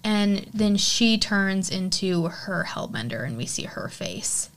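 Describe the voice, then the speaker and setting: A woman hosting her own horror podcast walks through a film's story in an easygoing, conversational way. Her voice sits at an ordinary middle pitch, and she leans on "like" and "you know" as she talks. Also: big pitch swings, takes it slowly. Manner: chatty, lots of "like" and "you know". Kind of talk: casual film recap and review.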